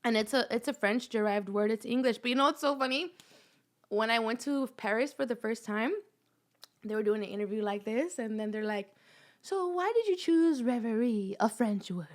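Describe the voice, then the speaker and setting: A woman's voice: on the high side, fairly quick. A woman in her twenties from Los Angeles, a rapper being interviewed, talking casually and animatedly, laughing often and swearing freely. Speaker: rapper guest.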